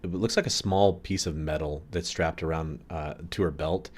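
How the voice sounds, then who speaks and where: A male game master narrates a tabletop session in a very deep voice. He rambles loosely, with fillers and casual swearing. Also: steady tone, normal speed.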